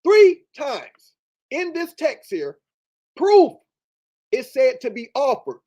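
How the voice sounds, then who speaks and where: A man's voice: extremely high pitch, wildly swooping pitch, slow, mellow. A man hosting a commentary show, reading out text messages and answering them with emphatic repetition and rhetorical questions. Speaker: show host.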